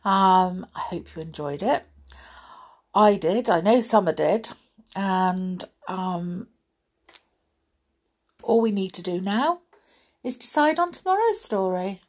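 A woman reading a children's story aloud as a storyteller, in a gentle, chatty manner with small fillers. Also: mid-range voice, expressive, slow pace, pauses often.

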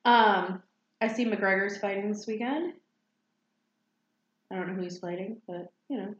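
A woman of medium pitch drops brief, offhand remarks into a casual conversation. Her voice echoes around the room, and the sound is dull and muffled. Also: unhurried. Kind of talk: casual chat.

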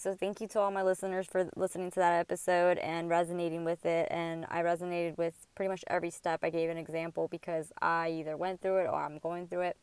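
A woman's voice: on the low side, a little mellow, clean tone, no echo. A woman in her thirties hosting a casual spiritual podcast, talking candidly and rambling, swearing freely, recorded at home. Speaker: podcast host. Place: at home by a window.

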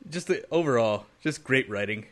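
A man's voice: mid-range voice, expressive, moderate pace, fairly bright tone. A man co-hosting a podcast, chatting enthusiastically and laughing while recounting jokes. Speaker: podcast co-host. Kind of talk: casual chat.

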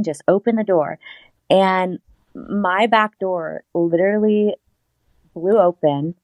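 A woman with a fairly low voice tells a personal story in a casual interview. She is animated and laughs often. The sound is dry and close. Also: no echo. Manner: animated, laughs often, quotes herself in a higher voice. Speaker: interview guest.

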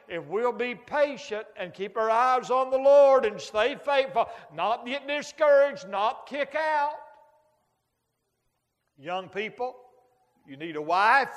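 This traveling preacher speaks with an extremely high, fairly bright voice, giving a folksy sermon full of stories, sound effects, and humor. A long hall reverb hangs on the recording.

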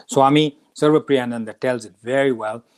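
A man's voice: medium pitch, moderate pace. A man hosting a spiritual talk, retelling a story in a casual way and acting out the characters' lines. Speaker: podcast host.

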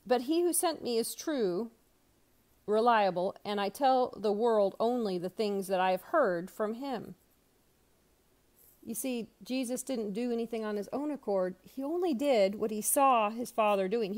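A woman pastor reading Bible passages aloud, expressive, with brief lively asides. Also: fairly high pitch, unhurried.

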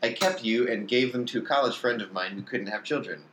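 A man's voice: a little fast, fairly bright tone, reverberant, a little hiss or hum. A man reading a story aloud, lifting his voice for the characters' lines and now and then stumbling and restarting. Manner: reads character lines with raised pitch and emphasis, occasional slips and restarts. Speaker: reader of fan fiction.

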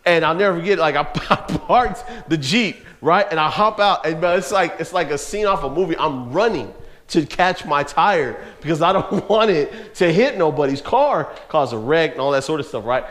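Young man, youth pastor, lively storytelling sermon, slangy, fairly high voice. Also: moderate pace. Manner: animated storyteller, casual slang, frequent laughs.

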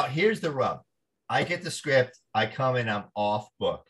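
Animated New man telling stories. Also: medium pitch, a little slow. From New Jersey. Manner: animated storyteller, acts out quoted voices. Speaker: actor guest. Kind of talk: storytelling interview.

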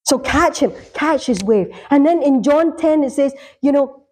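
A woman's voice: sits high, unhurried, darkish tone. Fervent woman preaching. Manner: fervent, repeats lines for emphasis. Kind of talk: sermon. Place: church.

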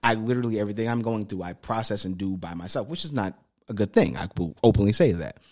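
A podcast guest with a fairly low voice talks fast in a casual chat, telling stories animatedly. He's blunt and swears freely throughout.

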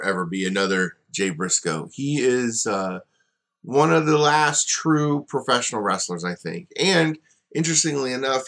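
A man with a fairly low voice hosts a solo podcast. He talks in a relaxed, wandering way, full of fillers and side comments. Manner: conversational, rambling with fillers and asides. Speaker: podcast host.

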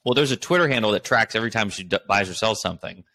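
A man co-hosting a podcast, talking in a relaxed, thoughtful, casual way. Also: lowish voice, rapid-fire. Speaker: podcast co-host. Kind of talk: casual political chat.

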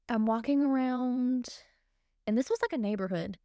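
A woman's voice: a little high, normal speed, mellow, clear, resonant tone, no echo, clean studio sound. A young woman co-hosting a podcast, casually and emotionally retelling a frightening night. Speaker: podcast co-host. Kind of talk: casual storytelling.

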